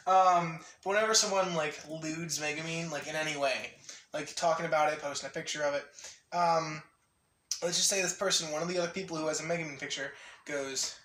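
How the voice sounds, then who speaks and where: A man rambling excitedly in a casual vlog, laughing often and restarting his sentences. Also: a little high, a little fast, echoey room, recorded from a distance. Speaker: anime vlogger.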